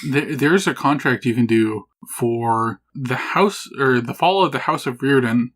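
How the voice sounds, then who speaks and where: A man's voice: medium pitch, unhurried, fairly bright tone. A man co-hosting a podcast in casual chat, laid-back, laughing often and swearing casually. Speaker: podcast co-host. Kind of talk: casual chat about a video game.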